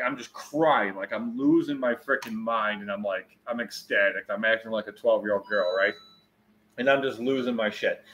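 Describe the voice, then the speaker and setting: A man in his forties chatting casually on a livestream, answering viewers, rambling and swearing freely, getting loud when he tells a story. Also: medium pitch, lively intonation, normal speed, a little hiss or hum.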